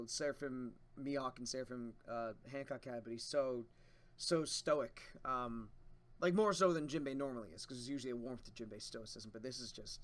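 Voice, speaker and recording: A man hosting a casual reaction show from home, thinking aloud in long excited asides about a manga chapter. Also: mid-range voice. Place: a house with others at home.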